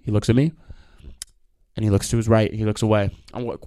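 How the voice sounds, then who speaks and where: Young male vlogger, loud animated storyteller, close dry mic. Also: mid-range voice, quick pace, long pauses, no room sound. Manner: animated, profane, acts out the people in his stories. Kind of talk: ranting storytime monologue.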